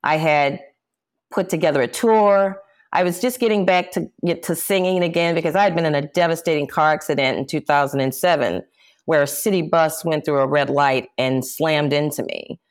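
A jazz singer appears as an interview guest, candidly recounting personal events with emphatic, impassioned delivery. She has a low voice and speaks at a moderate pace.

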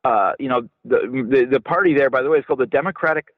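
A male author being interviewed on radio, talking in an animated way that often stumbles over and repeats his words. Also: medium pitch, fast, no echo. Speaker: author guest. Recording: tinny phone-line sound.

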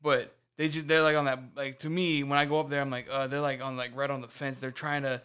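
Animated swearing man, smooth voice. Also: medium pitch, fairly quick. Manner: animated storytelling, swears often, acts out quotes. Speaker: podcast co-host. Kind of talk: casual chat.

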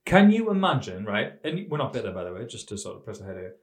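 A man co-hosts a comedy chat in a sarcastic, rambling way and swears casually. His pitch moves in a lively way. The room has a roomy echo. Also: quick pace.

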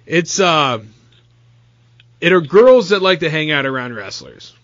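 Male podcast host, bright lively voice, excitable storyteller, slightly dull mic. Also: fairly high pitch, unhurried, no room sound. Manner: animated storyteller, stammers when excited. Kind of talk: casual banter.

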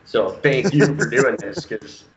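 A man's voice: medium pitch, animated, a little slow, over a noisy crowd. A Canadian man hosting a casual podcast, ranting and joking with plenty of swearing. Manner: profane, ranting, jokey impressions. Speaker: podcast host. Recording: roomy, dull lo-fi home recording.

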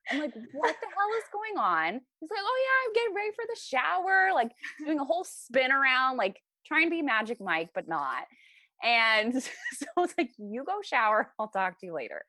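A lively young woman chatting as a podcast guest. Her pitch leaps and dips as she acts out the people in her story, and she laughs often. The sound is dry and close, with no room around her. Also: moderate pace, no room sound. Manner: animated, laughing, acts out quoted lines. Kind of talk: casual storytelling chat.

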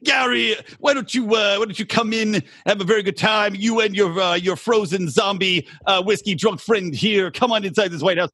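A man's voice: high-pitched, normal speed, few pauses, fairly bright tone, husky, no echo. A man playing a pompous, brash mock president in a comedy podcast, using a silly sing-song put-on accent. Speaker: podcast host. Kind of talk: drunken comedy role-play.

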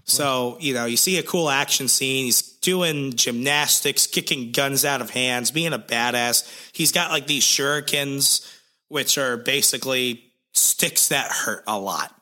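A man recapping comics as a podcast co-host, laid-back and sarcastic, slightly hoarse, swearing casually. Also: mid-range voice, unhurried, sharp tone. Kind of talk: casual chat.

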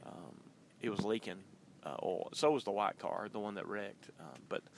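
A man's voice: lowish voice, moderate pace, slight background noise. A man hosting a podcast, chatting loosely in a rambling way, full of ums and uhs, while driving his car. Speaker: podcast host. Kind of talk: casual rambling monologue.

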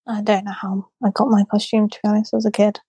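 A woman's voice: mid-range voice, level tone, fast, dark tone, husky, no echo. A young woman co-hosting a casual chat show, rambling through stories with frequent laughs. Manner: chatty, laughs often, rambling asides. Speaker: podcast co-host.

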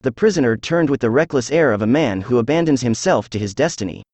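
A man's voice: mid-range voice, no room sound. Synthesized man reading a classic story. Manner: even, measured synthetic reading with little change between characters. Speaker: audiobook narrator. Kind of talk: scripted narration.

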